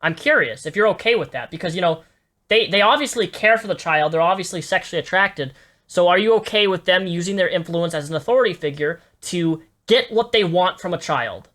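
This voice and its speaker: A woman's voice: fairly low pitch, animated, fairly quick, fairly bright tone. Blunt, profane woman reacting. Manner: blunt, profane, stammers when agitated. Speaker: video reaction commentator. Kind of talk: live reaction commentary.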